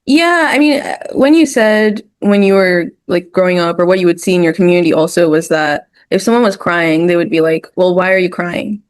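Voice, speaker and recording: A woman's voice: fairly low pitch, a little fast, few pauses, smooth. A woman speaking as a therapist guest in an educational discussion, explaining ideas point by point and sometimes acting out short quoted voices.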